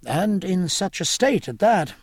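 A man's voice: sits high, big pitch swings, measured pace, breathy edge, no echo, studio quality, pitched above the performer's own voice, exaggerated voice. A man voicing an earnest naval captain giving a formal, respectful report to his superior in an audiobook.

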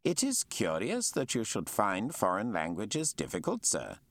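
A man voicing a learned, courteous male naturalist with formal, precise speech that turns excitable. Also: fairly low pitch, unhurried, no echo, clean studio sound, exaggerated voice.

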